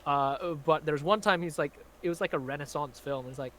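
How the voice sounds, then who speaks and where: A man's voice: on the high side, a bit bright, slight background noise. A man co-hosting a live stream as a magician, chatty and full of asides. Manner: chatty, explains with asides and quick laughs. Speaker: magician co-host. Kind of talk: casual live-stream chat.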